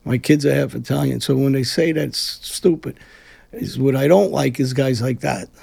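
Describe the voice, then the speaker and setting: Gravelly, blunt Brooklyn-born man. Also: mid-range voice, moderate pace, darkish tone. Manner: blunt, combative, rambling with restarts. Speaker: interview guest. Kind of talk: heated conversational interview.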